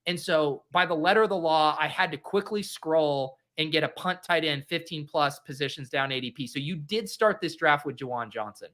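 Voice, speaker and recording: A young adult man from Colorado, hosting a casual podcast interview in a chatty, upbeat way with quick asides. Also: fairly high pitch, pushed and bright. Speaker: host.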